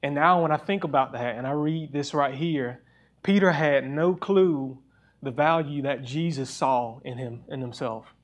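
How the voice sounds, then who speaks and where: A young man preaching a sermon in an earnest, personal way, often restarting his phrases. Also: mid-range voice. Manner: reads scripture aloud faster.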